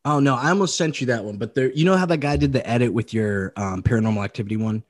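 A man's voice: mid-range voice, fast talker. A young man hosting a podcast in casual chat, joking, swearing and filling his talk with "like". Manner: joking, swears a lot, many "like" fillers. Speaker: podcast host.

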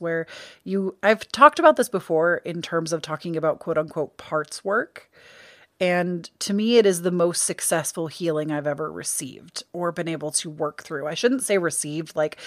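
Woman podcaster, lowish pitch, dry close mic, candid and meandering. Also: no echo. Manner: candid, rambling, self-correcting. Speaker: podcast host. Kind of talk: casual spiritual podcast monologue.

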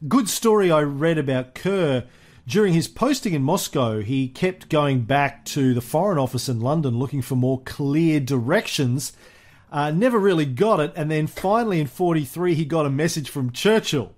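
A man's voice: a little high, lively intonation, moderate pace, darkish tone. A man hosting a history podcast, telling the story in a chatty, casual way with frequent fillers and easy laughs. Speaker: podcast host.

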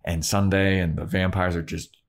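A man's voice: low voice, flat delivery, moderate pace. A man co-hosting a podcast, recapping an episode in breezy, profane casual chat. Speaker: podcast co-host.

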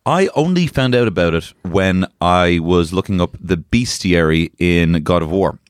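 A young man with a very deep voice trades crude, teasing banter as a podcast co-host. His delivery is casual and loose. The sound is dry and close. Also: lively intonation, moderate pace, no room sound. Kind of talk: casual chat.

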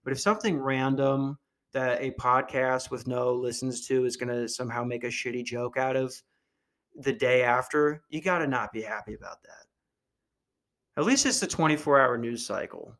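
Man, young adult, podcast host, dry deadpan delivery, dark comic rant. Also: medium pitch, moderate pace. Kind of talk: dark comedy podcast monologue.

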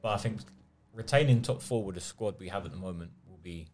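A man's voice: sits low, fast talker, a little mellow, slight background noise. A man on a football podcast panel giving casual, considered opinions about his team. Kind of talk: casual chat.

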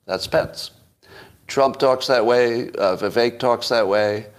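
A man's voice: mid-range voice, takes it slowly. A man hosting a solo podcast, giving casual, opinionated political commentary with frequent restarts. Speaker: podcast host.

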